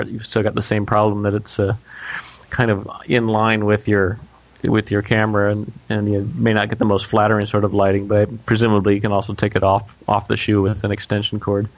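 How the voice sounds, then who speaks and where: A man hosting a podcast in casual chat, relaxed and halting, with frequent restarts and fillers. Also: on the low side, no room sound. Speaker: podcast host.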